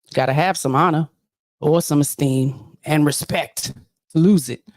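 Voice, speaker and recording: A woman's voice: low-pitched, moderate pace, dry recording. A woman hosting a casual livestream, preachy and emphatic, who repeats her points. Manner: animated, preachy, emphatic repetition. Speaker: livestream host.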